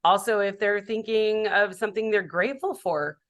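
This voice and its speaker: A woman's voice: mid-range voice, normal speed, a bit bright. A woman who works as a public speaker, a guest in a podcast conversation, talking reflectively and candidly about her own life.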